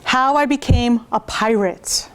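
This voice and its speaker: High-voiced woman storytime reader; reads picture books aloud to preschoolers and stops to show the pictures. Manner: pauses to point out pictures to listeners.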